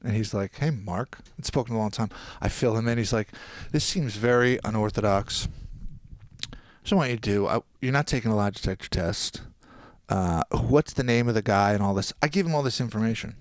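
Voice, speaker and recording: A young New Jersey man guests on a podcast, speaking in a fairly low voice at a brisk pace, with no room sound. He casually relates a long story, full of animation, voicing the people he quotes.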